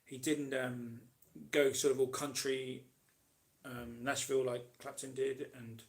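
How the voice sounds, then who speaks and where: A man's voice: medium pitch, little pitch movement, measured pace. A man hosting a casual live question-and-answer stream, reading out viewers' comments and answering them in a rambling, chatty way full of ums and restarts.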